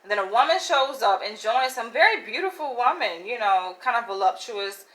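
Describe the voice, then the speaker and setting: Woman, vlogger, casual storytelling, slightly high voice, bright edge, chatty, candid. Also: animated, moderate pace, low-quality recording. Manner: chatty and candid, many "like" and "right?" asides, laughs often.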